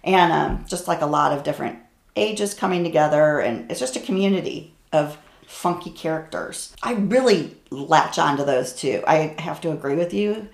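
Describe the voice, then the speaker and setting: A woman with a low, gravelly voice talks casually about books she loves. She rambles, hesitates and trails off mid-sentence. The room around her is echoey. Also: moderate pace.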